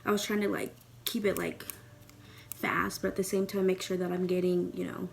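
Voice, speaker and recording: Young woman vlogger, gravelly and creaky, playful and profane casual chat, faint noise behind. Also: on the low side, flat delivery, normal speed. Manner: chatty, profane, rambling and playful. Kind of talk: casual sit-down chat while doing makeup. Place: at home.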